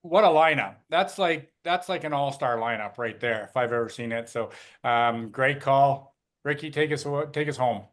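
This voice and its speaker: A man's voice: mid-range voice, moderate pace, hardly any pauses. A man co-hosting a company call, telling a story in a chatty, upbeat way. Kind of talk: casual chat and storytelling.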